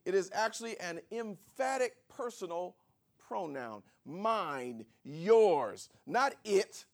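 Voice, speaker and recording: A man preaches in a high, sweeping voice that rises and falls dramatically. He takes his time, drawing out key words slowly. He leans on the congregation for answers and builds to shouted emphasis. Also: animated. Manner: teaching, swells from low asides to shouted emphasis; calls for congregation responses. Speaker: pastor. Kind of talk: sermon.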